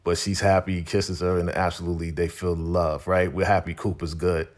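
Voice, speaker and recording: A man's voice: deep voice, level tone, a little fast. A man hosting a TV episode recap in casual spoken narration, conversational and repetitive, leaning on "you know" as he goes. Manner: conversational, repeats phrases, leans on "you know".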